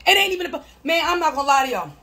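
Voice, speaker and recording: A woman vlogger talking about her recovery, emphatic and repetitive like a preacher, often laughing and breaking into shouts. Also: high-pitched, very animated, rapid-fire. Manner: emphatic, repeats phrases, preacher-like cadence. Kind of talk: motivational talk to camera.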